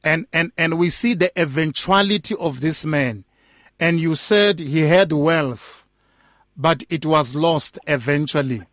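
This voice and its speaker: A man hosting a Christian radio talk show. His voice sits high and he talks slowly and deliberately, often restarting words, in a dry, close sound. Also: fairly bright tone, dry recording.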